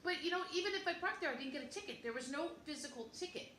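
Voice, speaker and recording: Fifties woman co-host with a bright, rambling, chatty delivery, recorded in a roomy space with faint background noise. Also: sits high, expressive, rapid-fire. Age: 50s. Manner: rambling storyteller who acts out both sides of conversations. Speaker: podcast co-host. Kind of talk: casual chat. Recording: echoey room with faint noise.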